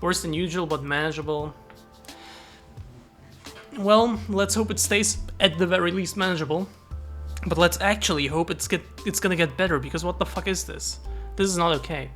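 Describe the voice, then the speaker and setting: A woman's voice: on the low side, normal speed, pauses often, soft background music. A young woman streaming live, chatting casually with viewers, thanking them and swearing freely.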